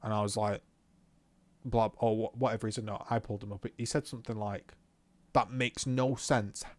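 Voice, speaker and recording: A young man telling a story in a swearing, animated rant about a driving lesson, talking from his car. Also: fairly low pitch, fast, dry recording. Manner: swears often, animated retelling. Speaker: vlogger. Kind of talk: casual ranting recount while driving.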